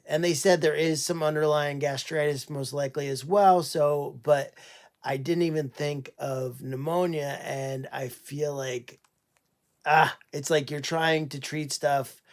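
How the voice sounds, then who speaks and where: A man with a fairly high voice who runs an animal sanctuary talks casually on a livestream. He sounds tired and unwell, speaking haltingly with many fillers and restarts.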